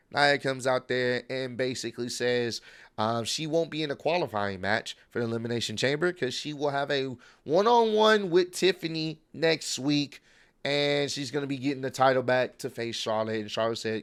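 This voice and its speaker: A man's voice: medium pitch, moderate pace, a bit bright, clean tone. A man giving a casual, opinionated spoken recap of a show, rambling with frequent fillers. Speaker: wrestling recap vlogger.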